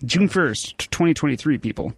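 A man on a casual podcast, chatting and reading aloud with some halting restarts. His voice is a bit husky, mid-pitched, and the recording is dry and close. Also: lively intonation, no echo. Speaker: podcast co-host.

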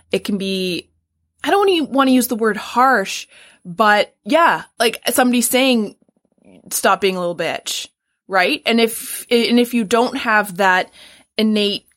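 A woman's voice: medium pitch, a bit bright. A woman hosting a podcast, chatting casually and filling her talk with "like" and "right?". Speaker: podcast host. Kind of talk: casual interview chat.

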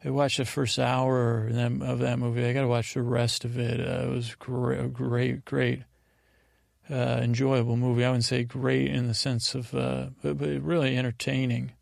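A man's voice: mid-range voice, flat delivery, normal speed, vocal fry, a little mellow, no echo, clean studio sound. A man hosting a sleep podcast, casually retelling TV scenes in a meandering, drowsy way. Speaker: podcast host. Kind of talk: rambling sleep podcast recap.

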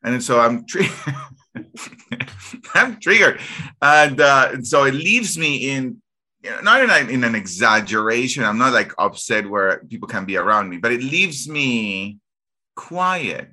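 A man's voice: mid-range voice, sing-song, unhurried, pushed and bright. A man on a group video call, rambling about his day with self-mocking humor. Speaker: call participant. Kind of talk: casual group chat.

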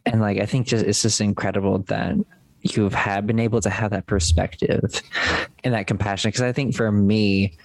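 A man's voice: lowish voice, flat delivery, normal speed, darkish tone, no room sound. A man hosting a podcast, speaking in an affirming, supportive and reflective way with his guest. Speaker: podcast host. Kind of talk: empathetic interview conversation.

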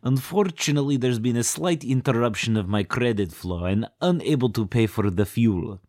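A man putting on a Romanian accent to play a smooth-talking schemer, drawing his words out slowly. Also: medium pitch, animated, darkish tone, no room sound, clean studio sound, lightly acted. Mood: smooth scheming. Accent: put-on Romanian.

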